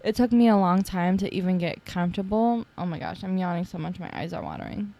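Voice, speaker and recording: A woman's voice: fairly low pitch, sing-song, quick pace, creaky, warm tone, muffled recording. A young adult woman hosting a casual solo podcast, talking in a chatty, playful way with teasing asides and lots of fillers. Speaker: podcast host.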